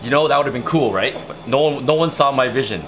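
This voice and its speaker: A man hosting a casual livestream, talking in an excited, rambling way and often repeating himself. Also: mid-range voice, quick pace, noisy background. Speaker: livestream host. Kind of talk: casual chat.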